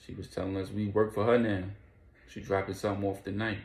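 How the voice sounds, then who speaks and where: A man casually recapping a crime storyline in loose street slang, now and then voicing quoted lines in quick bursts. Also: on the low side, flat delivery, a little mellow, reverberant.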